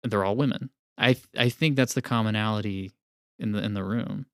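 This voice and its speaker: A man's voice: lowish voice, fairly quick, fairly bright tone, smooth, no echo, clean studio sound. A man co-hosting a casual film-discussion podcast who rambles through his points and laughs often. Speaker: podcast co-host.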